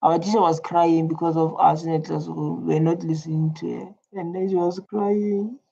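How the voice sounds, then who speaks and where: A woman's voice: lowish voice, little pitch movement, normal speed, gravelly, dark tone, slightly rough, highs cut off. A woman giving casual reaction commentary, rambling and repeating her words. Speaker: reaction video host.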